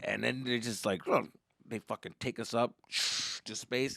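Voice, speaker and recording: A young man telling a comic story as a podcast host, profane and animated, jumping into voices. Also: lowish voice, fast talker, no room sound, studio quality.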